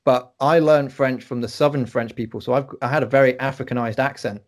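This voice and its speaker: A man from England, hosting an interview and telling stories in a relaxed way. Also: medium pitch, fairly quick. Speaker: podcast host. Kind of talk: conversational interview.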